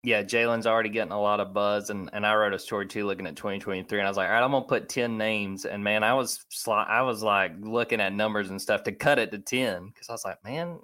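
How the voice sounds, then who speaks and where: A man's voice: lowish voice, fast talker, few pauses, sharp tone. A man hosting a casual sports podcast, talking in a loose, conversational way with frequent restarts. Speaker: podcast host.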